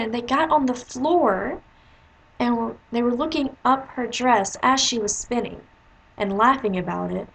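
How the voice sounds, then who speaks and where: A woman's voice: a little slow, breathy edge, low-quality recording. Chatty woman teacher telling a story. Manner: chatty, jumps into high voices when quoting kids. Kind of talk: casual storytelling vlog.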